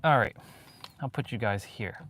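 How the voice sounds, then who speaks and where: A young man talks loosely to his phone while he walks outside, rambling and restarting his sentences with plenty of fillers. His voice sits at an ordinary middle pitch. Faint traffic and street noise hum behind him. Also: normal speed. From Canada. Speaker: live streamer. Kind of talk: casual live-stream chat while walking. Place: outdoors in a parking lot, then in a car.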